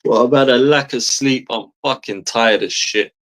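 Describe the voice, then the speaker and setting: A man in his 30s, streaming about football, delivers an exasperated fan rant thick with profanity, repeating phrases to drive his points home. His mid-range voice is a bit bright and moves at normal speed.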